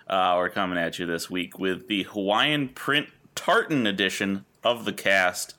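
A man's voice: sits low, a little slow, bright, forceful tone. A man co-hosting a podcast, joking and swearing through playful hot takes in casual chat. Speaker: podcast co-host.

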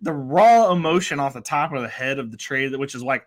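A man's voice: mid-range voice, lively intonation, fairly quick. A man co-hosting a podcast, explaining his point at length and defending his own trade. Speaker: podcast co-host. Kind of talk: casual chat.

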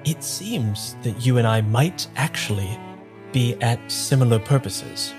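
A man voicing a stiff, calculating gentleman lieutenant who speaks formally and deliberately. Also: medium pitch, over music, natural voice. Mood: scheming. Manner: formal, measured and scheming.

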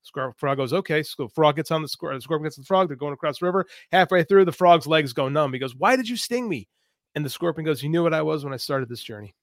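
Podcast co-host, male, higher-pitched voice, dry close sound, preachy and impassioned. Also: quick pace, few pauses, no room sound. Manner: impassioned, preachy, talks through stories. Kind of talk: casual chat.

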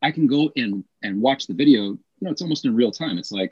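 Male co-host, husky, emphatic explainer, muffled lo-fi sound. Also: mid-range voice, lively intonation, darkish tone. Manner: emphatic, explains with quick acted examples. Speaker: podcast co-host, English teacher. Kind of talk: casual teaching podcast chat.

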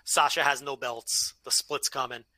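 A man co-hosting a casual wrestling review podcast, measured and agreeable with wry asides. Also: mid-range voice, fairly even intonation, sharp tone, no echo. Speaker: podcast co-host.

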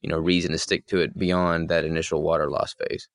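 A man hosting a podcast, his voice very deep. He asks loose, rambling questions full of fillers. The sound is dry and close, with no room echo. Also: level tone, brisk. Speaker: podcast host. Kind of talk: interview conversation.

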